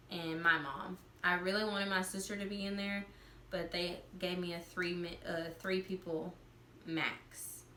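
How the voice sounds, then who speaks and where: Bright chatty woman doing a storytime vlog, says like a lot, echoey room. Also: lowish voice, a little hiss or hum. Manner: chatty, with many "like" fillers. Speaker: vlogger. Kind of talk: casual storytelling. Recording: roomy echo.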